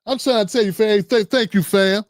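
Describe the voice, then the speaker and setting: A middle-aged man with a high, light voice hosts a loose, playful talk show full of slang and banter. The sound is dry and close, with no room around it. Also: moderate pace, dry recording. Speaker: political talk show host. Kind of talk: casual livestream commentary.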